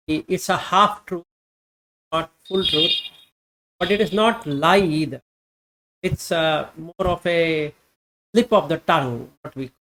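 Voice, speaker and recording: A mid-range voice delivers an informal Buddhist teaching. The Dhamma teacher is reflective and halting, asking rhetorical questions and then working through the answers.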